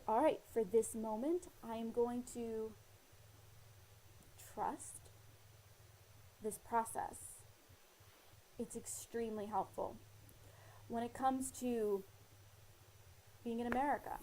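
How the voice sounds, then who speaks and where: A woman's voice: a little high, dark tone, slight background noise, rough recording. A woman talking earnestly to camera, rambling a little with fillers as she shares personal advice. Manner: earnest, rambling, many fillers and retold dialogue. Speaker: vlogger sharing personal advice. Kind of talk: casual personal talk to camera. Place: living in Australia.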